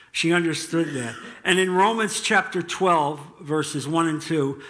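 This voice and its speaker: A man preaching a sermon as pastor, reading scripture aloud slowly and earnestly. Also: on the high side, fairly bright tone.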